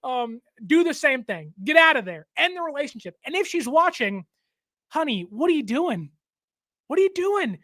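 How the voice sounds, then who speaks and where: A young man hosting a casual sports talk show, given to animated joking rants. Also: very high-pitched, normal speed, no room sound, clean studio sound. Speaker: show host.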